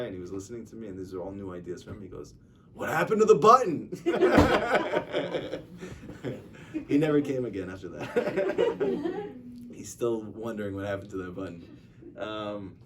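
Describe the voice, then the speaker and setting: Rabbi lecturing a class in a low, conversational voice, acting out anecdotes, heard from a distance with light noise. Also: male voice, dark tone. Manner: conversational, tells stories and acts out dialogue. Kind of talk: informal religious lecture. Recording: distant mic with faint noise.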